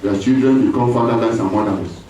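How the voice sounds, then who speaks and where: A man preaching a sermon as pastor, lively, with call-and-response and acted voices. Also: fairly low pitch, fast, highs cut off, a little hiss or hum. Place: church hall. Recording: echoey church hall from far off.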